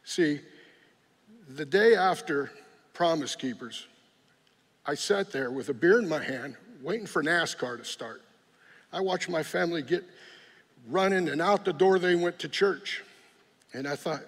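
Middle-aged guy telling his story, gravelly and kinda husky, big echoey hall. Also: fairly high pitch, lively intonation, measured pace, long pauses. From San Jose, California. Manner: earnest, plainspoken, with frequent restarts. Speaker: guest giving testimony. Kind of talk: personal testimony. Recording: long echoey hall reverb.

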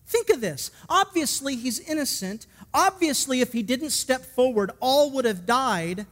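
A man's voice: extremely high pitch, animated, measured pace, fairly bright tone, long reverb tail. A male pastor preaching a sermon emphatically, asking the congregation questions and telling a story.

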